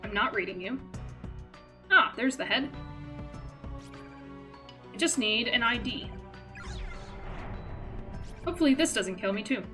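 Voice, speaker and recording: Playful bright-voiced woman streamer. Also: a little high, animated, a little slow, pauses often, soft background music, poor audio. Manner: playful, self-mocking asides. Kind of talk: live gameplay commentary.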